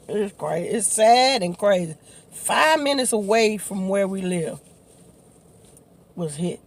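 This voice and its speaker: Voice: mid-range voice, animated, slow pace, creaky, pauses often. A vlogger, chatting casually while eating on camera, laughing often and talking in loose, informal slang. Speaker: mukbang vlogger.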